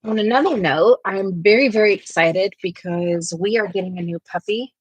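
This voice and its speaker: A woman's voice: mid-range voice, normal speed, slightly rough, no room sound, highs cut off. A woman hosting a coloring livestream, chatting casually and talking to her viewers in the chat as she colors. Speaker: livestream host.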